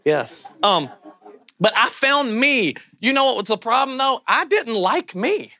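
A man with a Southern American accent preaching a sermon as a pastor, loud, animated and self-deprecating. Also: very high-pitched, measured pace.

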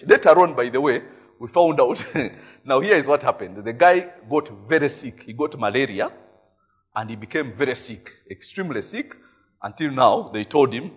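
Husky Ugandan preacher, eh-tagging storyteller. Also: male voice, mid-range voice, normal speed, dull audio. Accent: Ugandan English. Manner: animated storytelling, frequent "eh?" tags, laughing often. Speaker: pastor. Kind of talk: sermon.

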